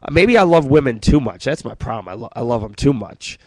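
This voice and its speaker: A man's voice: medium pitch, lively intonation, a little fast, a little mellow, slightly rough, low-quality recording. A man hosting his own radio show, telling stories and jokes in a profane, rambling, boastful monologue.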